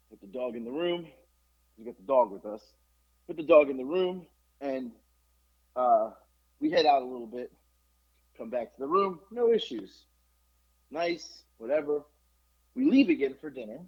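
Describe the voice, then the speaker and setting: A middle-aged man hosting a podcast, telling a story in casual chat, animated and profane with lots of fillers. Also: medium pitch, slightly rough. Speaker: podcast host. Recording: dull lo-fi podcast recording.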